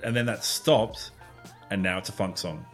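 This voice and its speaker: A man co-hosting a casual album discussion, animated and thinking aloud as he tells a song's story. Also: deep voice, moderate pace, faint music behind. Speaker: podcast co-host.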